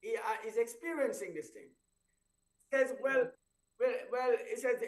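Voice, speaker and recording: High-voiced man rambling on breakfast radio. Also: moderate pace. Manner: rambling, stumbling restarts, laughing at own story. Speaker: radio show host. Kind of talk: casual radio chat. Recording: roomy echo, voice far from mic.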